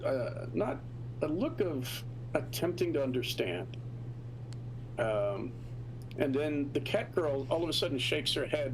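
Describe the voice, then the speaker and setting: A man's voice: a little high, noisy background. A man narrating as game master of a tabletop game, describing scenes at length with frequent fillers.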